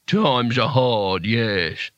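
A man's voice: mid-range voice, expressive, extremely slow, fairly bright tone, no room sound, muffled recording. A man voicing an old male dwarf jeweller who mutters his lines in a world-weary, resigned way.

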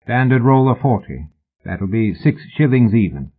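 A man's voice: medium pitch, very animated, moderate pace, breathy edge. A man voicing a cheerful, folksy working-class bill-sticker boss. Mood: easygoing. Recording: tinny phone-like audio.

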